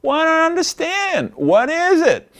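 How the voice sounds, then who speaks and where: A man voicing a skeptical male prospect who fires off rapid, pushy questions in a raised voice. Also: very high voice, wildly swooping pitch, fairly bright tone, voice pushed up, exaggerated voice. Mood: probing.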